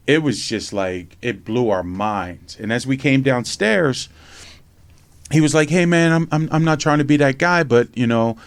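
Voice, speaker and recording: A man telling a lively personal story in casual conversation, acting out other people's lines and swearing casually. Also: mid-range voice, dry recording. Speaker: podcast host and memoir author.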